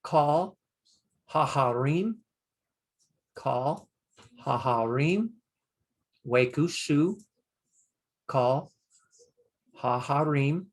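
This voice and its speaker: An older man teaching a Bible Hebrew lesson, slowly sounding out Hebrew words and explaining them with frequent pauses. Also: a little high, animated. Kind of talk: screen-share lesson.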